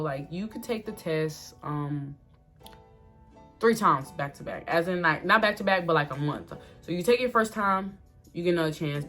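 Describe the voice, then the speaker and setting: A young woman with a slightly low voice tells a story in a casual, chatty way to her viewers. Her talk is full of fillers and direct asides, and faint music plays behind her. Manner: chatty and expressive, fillers like "like", addresses viewers as y'all. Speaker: vlogger telling a story.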